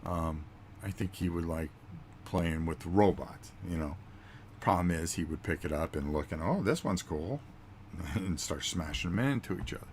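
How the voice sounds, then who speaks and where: Man, very low voice, casual vlog chat, rambling storyteller, faint background hiss. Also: moderate pace, a little mellow. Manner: rambling storytelling with fillers and acted-out quotes. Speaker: vlog host.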